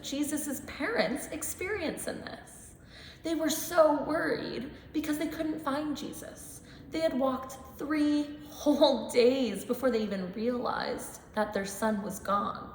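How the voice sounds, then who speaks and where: A woman in her twenties giving a children's Bible lesson in a church, telling stories in an animated way. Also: on the high side, reverberant, in a large hall, a little hiss or hum. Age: 20s. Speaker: church school teacher. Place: church sanctuary.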